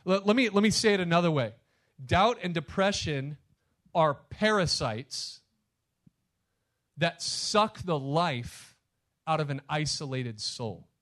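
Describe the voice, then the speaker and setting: A male pastor preaching a sermon, talking to the congregation directly and emphatically, swinging between loud punches and hushed asides. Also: a little high, lively intonation, takes it slowly, pauses often.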